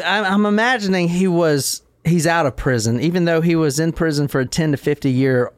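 A man's voice: fairly high pitch, clear, resonant tone, no echo, clean studio sound. A man hosting a casual podcast, rambling, swearing and laughing as he tells the story. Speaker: podcast host.

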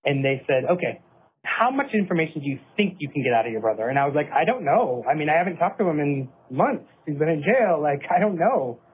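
A man's voice: on the high side, very animated, a little fast, breathy edge. A man earnestly recounting a personal story, often quoting what he and others said. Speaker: interviewee recounting events. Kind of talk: personal account, clip played on a podcast. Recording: tinny phone-like audio.

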